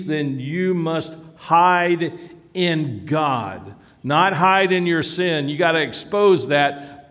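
A man's voice: on the high side, fairly bright tone, long reverb tail. A man preaching a sermon as pastor, earnest and rising to emphatic declarations.

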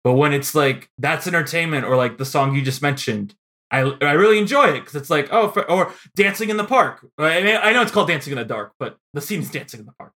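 A man co-hosting a podcast, chatting casually about old movies with lots of fillers and quick laughs. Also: a little high, lively intonation, pushed and bright. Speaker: podcast co-host. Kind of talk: casual film discussion.

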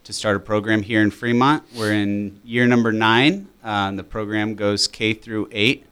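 Male teacher guest, low voice, smooth and clear, explaining, lots of um and uh. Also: steady tone, normal speed, fairly bright tone. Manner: explanatory, many fillers and restarts. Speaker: school language coordinator. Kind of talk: radio interview guest.

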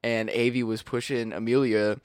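A man's voice: medium pitch, moderate pace, clear, resonant tone, dry recording, clean studio sound. A man co-hosting a casual podcast, telling stories with lots of laughter. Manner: laughs often, animated storytelling. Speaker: podcast co-host.

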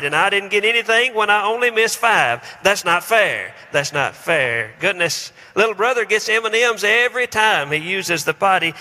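A complaining little kid whines the same protest over and over in a raised, pinched voice, as a man preaching puts it on. The sound is bright and carries a long hall reverb. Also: sits high, voice pushed up, exaggerated voice. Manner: whining, repetitive protest. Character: whiny young child complaining about fairness.

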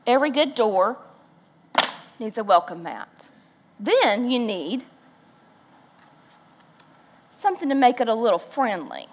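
A woman tells a story from the stage at a church service, playful and self-mocking as she acts out the exchanges. Her voice sits a little high and swings widely in pitch. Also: sing-song, slow pace, pauses often. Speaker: church speaker, pastor's wife. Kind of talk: storytelling sermon.

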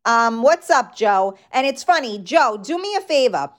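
A woman's voice: a little high, expressive, moderate pace. A woman in her thirties from the Bronx with a New York accent, hosting a live show in frank, casual chat and answering viewer comments.

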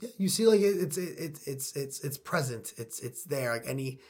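A man from Queens with a New York accent, an excitable podcast co-host who rambles and repeats himself in casual chat. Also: mid-range voice, moderate pace, husky.

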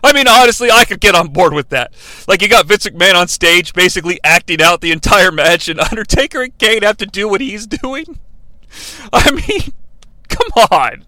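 Sarcastic guy doing a comedy recap, high bright voice, dry sound. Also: moderate pace, no echo. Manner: sarcastic, animated, jokey asides. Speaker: podcast host.

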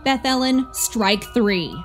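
A sarcastic, mean-spirited schoolteacher from a rhyming storybook, played by a woman, her voice a little raised and sharp-tongued. She takes her time over each biting line. Faint music plays behind her. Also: fairly high pitch, slow pace, voice pushed up. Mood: scolding. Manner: snide, scolding, biting. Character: spiteful sarcastic female schoolteacher.

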